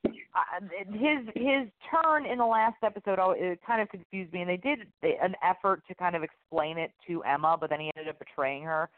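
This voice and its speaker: A man co-hosting a casual TV review podcast, rambling and animated, often dropping into silly accents. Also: high-pitched, moderate pace, no room sound. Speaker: podcast co-host. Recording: tinny phone-like audio.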